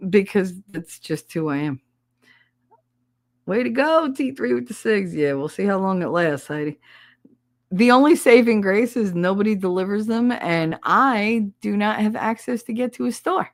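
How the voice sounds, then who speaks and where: A woman's voice: medium pitch, expressive, normal speed, no room sound, studio quality. A middle-aged woman with a New Jersey accent, hosting a casual livestream chat, blunt and abrasive and cursing freely. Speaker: livestream host.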